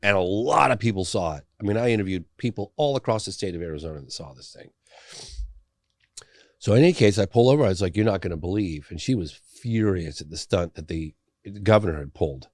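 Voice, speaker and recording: Deep-voiced man telling a story. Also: fairly quick, dry recording. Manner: animated storyteller acting out quoted dialogue, loose with fillers. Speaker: guest, documentary filmmaker. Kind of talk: storytelling in a podcast interview.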